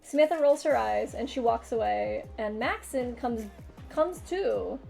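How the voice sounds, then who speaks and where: A woman's voice: fairly high pitch, expressive, unhurried, gravelly, darkish tone. Young woman GM, chatty and hesitant, light music behind. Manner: casual, hesitant, many fillers. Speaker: game master. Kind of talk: narrating a tabletop game.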